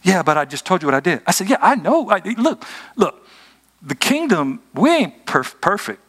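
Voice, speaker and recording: A man delivers a sermon in a notably high voice. He preaches emphatically, shifting between firm declarations and conversational asides to his congregation. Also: big pitch swings, moderate pace, fairly bright tone. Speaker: pastor.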